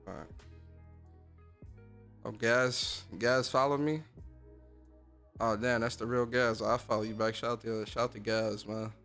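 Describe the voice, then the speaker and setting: A man's voice: mid-range voice, level tone, a little slow, long pauses, fairly bright tone, faint music behind. A man hosting a casual gaming livestream, speaking in loose slang and getting fired up as he talks straight to his chat. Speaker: gaming streamer and podcast host.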